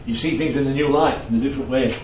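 A man's voice: medium pitch, fairly even intonation, very fast, a little mellow, slight background noise. A man preaching a sermon in a conversational way, asking the audience questions and telling anecdotes. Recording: roomy, distant, dull lo-fi sound with faint ambience.

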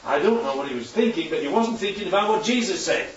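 A man with a high, animated voice talks fast as he preaches a chatty sermon with slides, constantly checking in with his congregation through tag questions. The mic is distant and dull in an echoey hall.

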